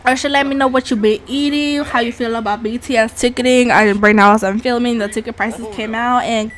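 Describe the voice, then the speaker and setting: A woman commenting on a life-sim game as she plays, excitable and swearing freely while she narrates what her characters do. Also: fairly high pitch, a little fast, a little hiss or hum. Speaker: gaming channel host. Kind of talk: let's-play commentary.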